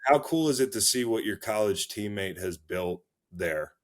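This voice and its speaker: A man's voice: on the low side, lively intonation, moderate pace. A man hosting a podcast, asking questions in a chatty, laughing way. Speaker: podcast host. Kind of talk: casual interview talk.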